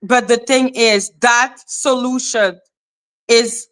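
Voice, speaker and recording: A woman's voice: a little high, fairly even intonation, slow, fairly bright tone. Blunt woman ranting on a livestream. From Canada. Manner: blunt, profane ranting, greeting chat viewers. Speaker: live-stream host. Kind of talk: live-stream commentary.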